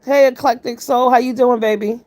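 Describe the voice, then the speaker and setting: A woman's voice: fairly high pitch, steady tone, brisk, darkish tone. Blunt, profane woman commenting live. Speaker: livestream commentator.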